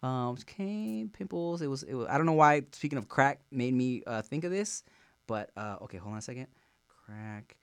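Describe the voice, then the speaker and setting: A man from Long Beach, California, hosts a podcast in loose, playful casual chat. He swears freely and jokes around. His mid-pitched voice sounds dry and close to the mic. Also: lively intonation, normal speed, clean tone, no room sound. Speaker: podcast host.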